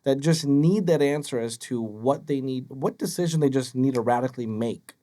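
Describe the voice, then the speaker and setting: A man's voice: medium pitch, moderate pace, warm tone. A man hosting an entrepreneur podcast interview, eagerly prompting his guest to share a story. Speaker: podcast host.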